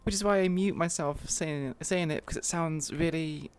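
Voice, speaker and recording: A woman's voice: low-pitched, normal speed, darkish tone, smooth. A woman hosting a roleplay live stream in casual chat into her own microphone, swearing freely and laughing at herself.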